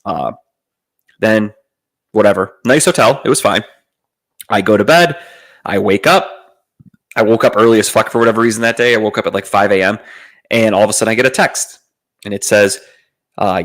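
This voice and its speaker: A man's voice: on the low side, steady tone, brisk, a bit bright. Cursing man telling a rambling story. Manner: profane, rambling, with frequent fillers and restarts. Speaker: podcast host. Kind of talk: casual storytelling.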